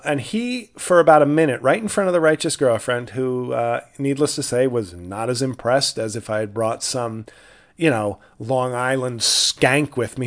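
A man's voice: medium pitch, moderate pace. A man hosting a solo podcast who tells rambling, self-deprecating stories full of asides and restarts. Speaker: comedian podcast host.

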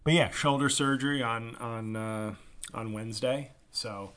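A man hosts a solo podcast in a loose, rambling monologue. He is sarcastic and swears freely, and his pitch sits in an ordinary middle range. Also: fairly even intonation, a little slow, a bit bright. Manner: sarcastic, rambling, swears freely, mocks actors with put-on voices. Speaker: podcast host.

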